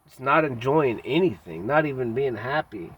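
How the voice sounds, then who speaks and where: Medium-pitched and expressive with a breathy edge, this vlogger delivers a candid personal monologue; the highs in the audio are cut off. His speech is halting and reflective, full of pauses and fillers, and he's blunt and self-critical with casual slang.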